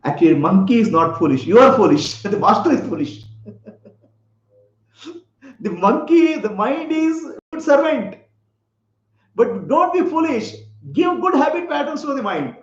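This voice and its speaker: A man's voice: very high-pitched, expressive, unhurried, long pauses. A man giving a spiritual talk, telling a parable, asking his listeners questions and often laughing. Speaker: spiritual teacher. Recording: echoey room, slightly dull lo-fi sound.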